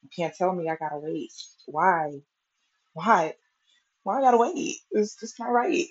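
A woman's voice: lowish voice, expressive, measured pace, noisy background. A woman delivering a profane, exasperated comic rant as a vlogger, complaining at length. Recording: dull lo-fi recording.

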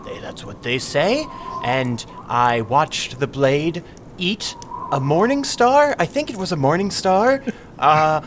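A man's voice: on the high side, animated, slow pace, a bit bright, slight background noise. A man voicing a nervous young male bard who stammers and rambles under threat. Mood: flustered. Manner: stammering, flustered.

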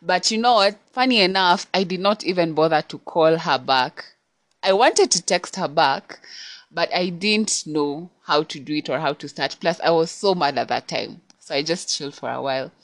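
A woman's voice: low voice, moderate pace, no echo. Chatty young Kenyan woman telling a story. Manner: chatty and exasperated, addressing listeners. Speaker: podcast host. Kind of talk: casual storytime. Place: home on a rainy night.

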